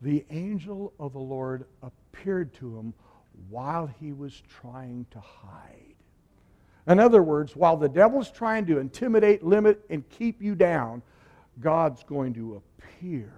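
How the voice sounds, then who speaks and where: High-voiced preacher swinging hushed to loud. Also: male voice, lively intonation, unhurried, lo-fi sound. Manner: dynamic, swings from hushed to shouted; call-and-response with the congregation. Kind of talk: sermon.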